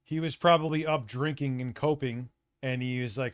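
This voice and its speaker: A man hosting a livestream, ranting and mocking in a profane, rapid commentary. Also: medium pitch, fairly even intonation, clean tone, dry recording. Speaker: streamer host.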